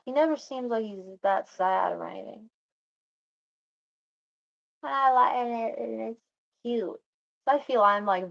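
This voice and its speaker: A woman's voice: fairly high pitch, creaky, dull audio. A woman telling a personal story in a meandering, self-interrupting way, often laughing and stopping to restart her sentences.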